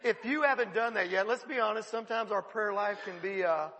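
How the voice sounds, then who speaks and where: A man preaching a sermon, telling a funny story in an animated way and often laughing mid-sentence. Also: high voice, fairly quick, in a large hall. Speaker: pastor.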